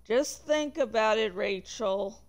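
A woman voicing a droning, fussy middle-aged male vice principal in a lowered voice, reading a book aloud. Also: slow pace. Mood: dismissive.

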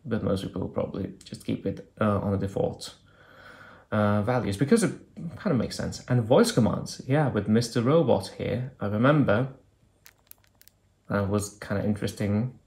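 A man's voice: lowish voice, lively intonation, normal speed, a little mellow. A man reviewing an old phone, talking casually and thinking aloud with hesitant fillers as he clicks through menus. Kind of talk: casual hands-on product demo.

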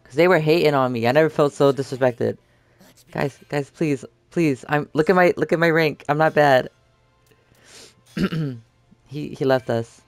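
A man's voice: on the high side, moderate pace, clear, resonant tone, dry recording, soft background music. A young man giving casual, rambling commentary over his gameplay, full of fillers and restarts, talking close to the mic. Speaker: gaming YouTuber.

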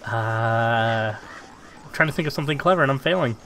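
A man's voice: medium pitch, normal speed, pushed and bright, a little hiss or hum. A young man co-hosting a let's play, chatting casually in a laid-back way with dry, teasing jokes, over a headset or desk mic. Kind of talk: casual gaming chat.

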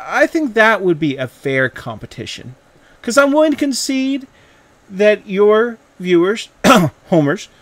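A young man with a fairly high voice talks in a gaming video. He teases a rival creator with mock-pompous, playful banter. He lays down a friendly challenge with exaggerated grandeur. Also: fairly bright tone, no room sound.

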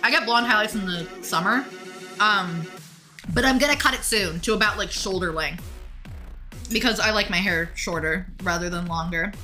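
A woman's voice: mid-range voice, normal speed, bright, forceful tone, faint music behind. A woman streaming a game live, chatting casually and answering her viewers' messages as they come in. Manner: chatty, reads chat aloud and answers viewers. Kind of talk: casual live-stream chat while gaming.

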